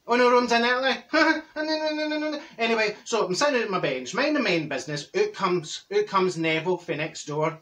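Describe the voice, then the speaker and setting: A man's voice: high voice, normal speed, few pauses, fairly bright tone, recorded from a distance. A man playing a chatty middle-aged Glaswegian woman with a Glaswegian Scottish accent, rambling through gossip full of asides and restarts in a comic monologue. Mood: gossipy chatter. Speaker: comedy character vlogger.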